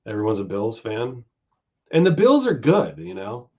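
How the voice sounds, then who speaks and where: A man's voice: mid-range voice, wildly swooping pitch, moderate pace, warm tone. A man hosting a loose, profane live stream, riffing with his chat and drifting from topic to topic. His voice swings widely up and down as he talks. The audio is dull and lo-fi, like a home stream. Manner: chatty, swears freely, goes off on tangents. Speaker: stream host.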